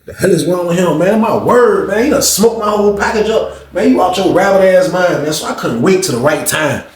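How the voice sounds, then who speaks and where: A young man spins a casual storytime at a rapid clip, animated and profane, jumping into voices for the dialogue. His voice sits a little high, and a roomy echo hangs around it.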